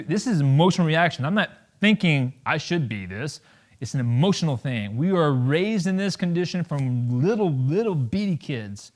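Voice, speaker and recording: A man in his thirties speaks to an audience as a veteran, blunt and joking. His voice sits a little high for a man. He acts out the conversations he tells about, and his loudness swings widely between them. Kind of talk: public talk to an audience.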